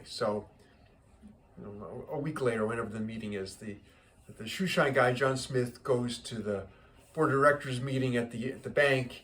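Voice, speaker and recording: A man hosting a weekly joke, telling it casually with many halting repeats. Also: medium pitch. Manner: halting, repeats words, relaxed. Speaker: joke teller, show host.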